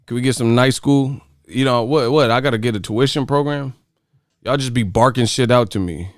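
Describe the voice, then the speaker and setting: A man's voice: mid-range voice, moderate pace, no echo, clean studio sound. A man hosting a boxing channel, reacting to his chat in casual, profane, laughing riffs. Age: adult. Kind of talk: casual livestream commentary on chat.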